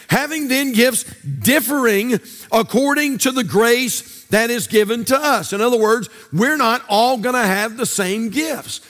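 A man's voice: sits high, a bit bright. A male pastor preaching a sermon in a church, with a sing-song cadence and repeated phrases. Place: church sanctuary.

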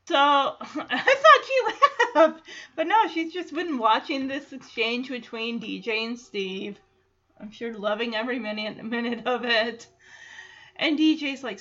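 A woman hosts a casual podcast, retelling a TV episode in chatty bursts and slipping into the characters' lines with a laugh. Her voice is bright and fairly high. The audio is a little dull and muffled. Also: expressive, measured pace. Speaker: podcast host.

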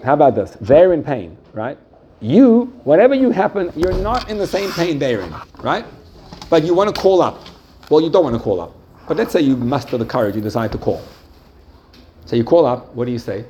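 A man's voice: a little high, very animated, brisk, dark tone, slight background noise. Man teaching a class with probing questions. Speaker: religious teacher. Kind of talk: interactive Jewish class.

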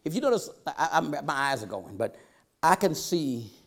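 Middle-aged male guest preacher with a high voice, fervent rhythmic sermon delivery built on repeated refrains. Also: big pitch swings, creaky, a bit bright. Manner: breaks into chanted delivery with drawn-out "uh" lead-ins.

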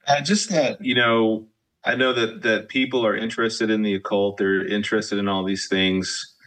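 Male guest, low voice, earnest and repetitive closing words. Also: fairly even intonation, moderate pace, fairly bright tone, low-quality recording. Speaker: guest co-host. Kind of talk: closing exhortation.

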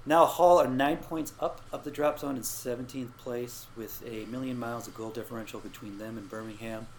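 A man's voice: mid-range voice, fairly even intonation, a little hiss or hum, rough recording. A man co-hosting a podcast, recapping results in casual sports chat, swearing and joking freely. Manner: swears freely, quick jokes. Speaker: podcast co-host.

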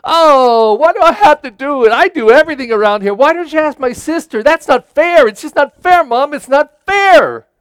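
A man's voice: extremely high pitch, animated, moderate pace, few pauses, fairly bright tone, no room sound, pitched above the performer's own voice. A man voicing a whining child who protests a chore in a pleading, singsong complaint. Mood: whiny.

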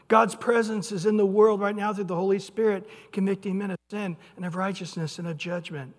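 A male pastor preaches in a fairly high voice, lively and expressive, dropping low and rising loud as he acts out his points. A long reverb trails his words, as in a large hall. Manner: lively delivery, acting out quotes with shifting loudness. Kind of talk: sermon.

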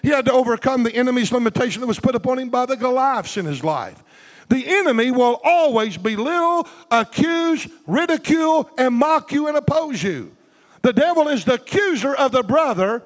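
A man's voice: very high voice, in a large hall. A man preaching a fervent, rhythmic sermon, calling out to his congregation for replies. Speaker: pastor.

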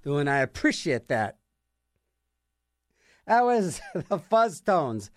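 Rambling, animated man radio DJ. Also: fairly high pitch, slow, dry recording, studio quality. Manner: rambling and joking, acts out little scenes. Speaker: radio show host. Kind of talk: casual radio DJ chatter.

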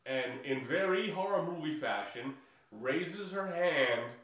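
A man's voice: a little high, animated, slow pace, a bit bright, distant mic. A man recapping a movie in casual podcast chat, rambling with many fillers and laughing often. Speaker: podcast co-host. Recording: echoey room, voice off-mic.

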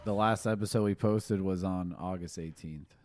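A man's voice: low-pitched, normal speed, darkish tone, faint music behind. A man co-hosting a podcast, chatting in a laid-back, joking way. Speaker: podcast co-host. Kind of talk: casual chat.

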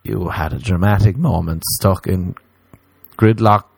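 A man's voice: low-pitched, fairly even intonation, a little slow, gravelly, slightly rough, dry recording. A man hosting a comedy podcast, rambling through a silly monologue and slipping into playful voices.

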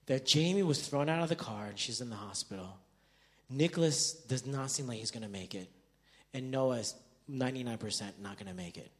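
A man preaches a sermon in a voice of ordinary middle pitch, neither high nor deep. He tells his stories with energy and acts out the conversations he describes. His loudness swings from loud bursts to quiet, soft stretches. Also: brisk. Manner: animated storytelling, acting out quoted dialogue with big swings in loudness. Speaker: pastor.

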